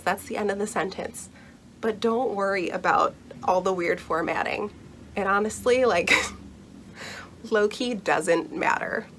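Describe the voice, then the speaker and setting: A woman's voice: medium pitch, a bit bright, a little hiss or hum. A young woman casually explaining how to read Shakespeare in a chatty, reassuring way, full of fillers and little laughs. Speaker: book vlogger explaining Shakespeare.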